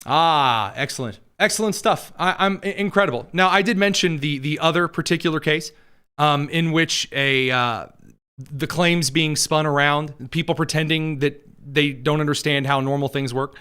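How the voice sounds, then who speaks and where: A man's voice: on the high side, normal speed, smooth. A man hosting a political commentary show, mocking and sarcastic as he reacts to clips. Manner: sarcastic and mocking, lively delivery.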